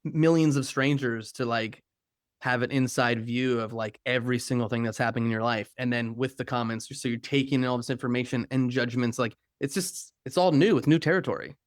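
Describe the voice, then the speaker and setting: A man's voice: mid-range voice, fairly quick, dry recording, clean studio sound. A man hosting a podcast interview, talking loosely in trailing sentences full of "like" fillers. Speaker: podcast host. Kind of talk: conversational interview.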